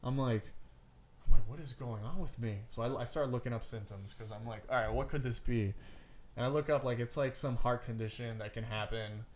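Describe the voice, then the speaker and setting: A man's voice: medium pitch, brisk, slight background noise. A man co-hosting a podcast, telling a long story in casual chat, rambling with lots of "like" and casual swearing. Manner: rambling, full of "like" and "I'm like"; swears casually, says "bro". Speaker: podcast co-host.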